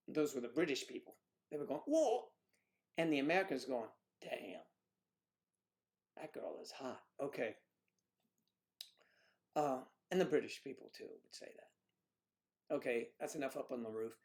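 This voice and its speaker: A man hosting a livestream, rambling and joking between songs with swearing and muttered asides. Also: a little high. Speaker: livestream host playing guitar. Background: his own acoustic guitar.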